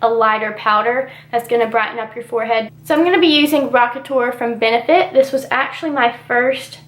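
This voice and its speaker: A woman's voice: on the high side, a little fast, reverberant. A young woman chatting through her makeup routine as a beauty vlogger, her voice a little stuffy from allergies, with a casual, rambling manner. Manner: chatty, relaxed product chatter with fillers. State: congested from allergies.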